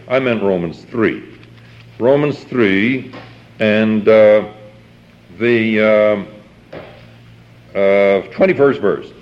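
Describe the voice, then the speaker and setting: An older man preaching a sermon, reading scripture aloud and stopping often to explain it, repeating key phrases with emphasis and asking the congregation to answer back. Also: lowish voice. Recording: dull lo-fi old sermon tape.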